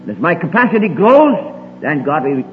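A man preaching in a large hall, his fairly high voice leaping and dropping as he stresses each point. The recording is tinny and lo-fi, with a long reverb and a faint hum underneath. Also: big pitch swings, moderate pace. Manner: swings between emphatic rises and quiet low asides. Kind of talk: sermon.

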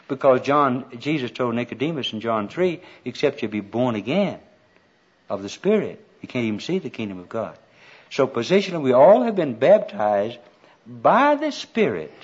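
An older man delivers a sermon in a lively, animated voice that swoops up and down. His tone is a little husky and folksy, quoting scripture with self-deprecating humor. The recording sounds dull and lo-fi. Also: fairly high pitch. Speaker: preacher.

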